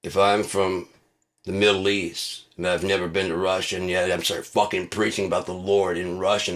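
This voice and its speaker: A man's voice: low voice, little pitch movement, normal speed, a bit bright. A man hosting his own channel, delivering a profane, heated, mocking rant. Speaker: channel host. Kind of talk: ranting monologue.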